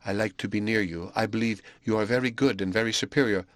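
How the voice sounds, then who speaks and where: A man voicing a shy, earnest young Belgian woman, speaking softly and hesitantly. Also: lowish voice, steady tone, fast talker, no room sound, natural voice. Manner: soft, quiet and hesitant.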